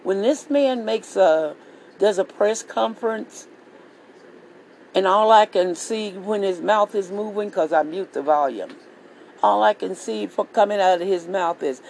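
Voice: mid-range voice, a little slow, creaky, darkish tone, a little hiss or hum, low-quality recording. A vlogger delivering a heated political rant monologue, swearing freely and repeating phrases for emphasis. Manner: profane, repetitive, heated ranting.

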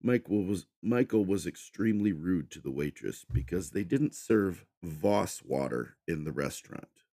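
A man narrating a horror story for a podcast with an expressive reading. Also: low voice, a little slow.

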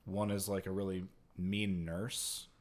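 A man's voice: low-pitched, little pitch movement, a little slow. A man casually retelling a story to a co-host, rambling with lots of fillers. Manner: rambling, heavy use of "like". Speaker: podcast co-host.

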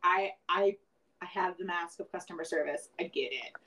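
A woman's voice: lowish voice, moderate pace, a bit bright, low-quality recording. A woman co-hosting a casual podcast, talking animatedly, laughing often and swearing. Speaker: podcast co-host.

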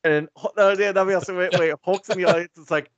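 A man's voice: steady tone, no room sound. A man chatting casually and riffing on a comic sketch idea, rambling, swearing and laughing as he goes. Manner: rambling, laughing, swears, mimics characters in quick asides. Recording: dull low-fidelity dry recording.

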